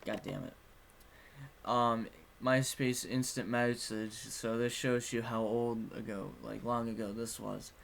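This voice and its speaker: A young man talks casually about his own past, rambling from one detail to the next and swearing freely. His voice sits at an ordinary middle pitch. A faint hiss runs under the recording. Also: fairly even intonation, measured pace, creaky, fairly bright tone. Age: young adult. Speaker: vlogger. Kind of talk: casual personal storytelling.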